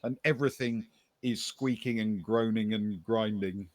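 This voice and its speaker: A man narrating a tabletop game as game master, describing scenes in an unhurried way with many pauses. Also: on the low side, fairly even intonation.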